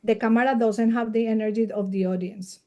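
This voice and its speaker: A woman's voice: on the high side, steady tone, a little fast, dark tone. A woman with a Spanish accent, a non-native English speaker, talking earnestly as a guest media coach in a casual podcast interview and laughing readily.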